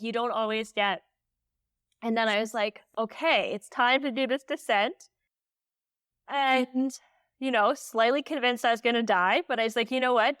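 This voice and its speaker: A woman guest on a podcast telling a story candidly, animated and full of "like" fillers. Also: a little high, clean tone, no room sound, studio quality. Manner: emotional when recalling.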